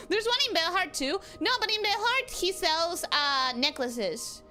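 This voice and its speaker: A young woman streaming a game in a casual, expressive way, often bursting into exasperated outcries. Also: sits high, normal speed, hardly any pauses, soft background music.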